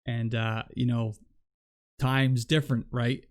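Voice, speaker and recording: A man's voice: medium pitch, flat delivery, slow pace. A man on a podcast who talks in a reflective, easygoing way. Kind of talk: casual podcast chat.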